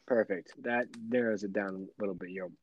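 A man's voice: fairly low pitch, brisk, highs cut off, slight background noise. A man co-hosting a casual car podcast, boisterous and jokey, needling his co-hosts. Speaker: podcast co-host. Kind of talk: casual chat.

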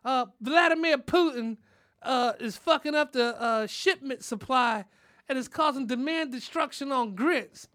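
A man voicing a gentle older woman who hesitantly explains things to her husband. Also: very high voice, measured pace, no room sound, clean studio sound, pitched above the performer's own voice.

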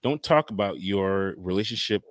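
A man's voice: low-pitched, animated, normal speed, no room sound, studio quality. A middle-aged man, co-hosting a podcast in a playful, joking manner. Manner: joking, playful, slips into voices for bits. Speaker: podcast co-host. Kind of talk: casual chat.

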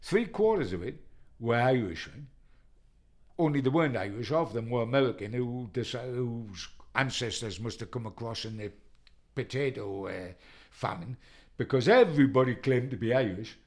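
Older man, rambling anecdotal storyteller, lively. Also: medium pitch, moderate pace. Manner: rambling, animated, mimics the people he quotes. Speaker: retired football journalist telling stories.

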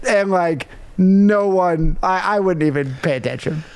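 Lively man recapping a movie. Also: sits high, measured pace, smooth. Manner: animated, laughs often, acts out quotes. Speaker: podcast co-host. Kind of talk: casual movie recap chat.

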